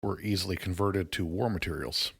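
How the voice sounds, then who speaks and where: A man with a fairly low voice co-hosts a casual podcast, dropping in short wry quips and pointed questions. He tends to react to his partner rather than hold the floor. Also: fairly quick, a bit bright, slightly rough. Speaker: podcast co-host.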